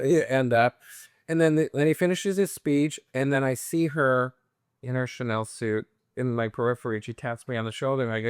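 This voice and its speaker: A man's voice: mid-range voice, a little fast, clear, resonant tone, no room sound, studio quality. A young man telling a long anecdote in casual chat, quoting people in voices. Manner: animated anecdote-teller, quoting others in voices. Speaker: guest.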